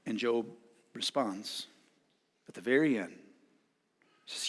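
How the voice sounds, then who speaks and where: A male pastor preaching a sermon, retelling a story dramatically and acting out the voices with loud outbursts. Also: mid-range voice, slow. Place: church hall. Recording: long hall reverb.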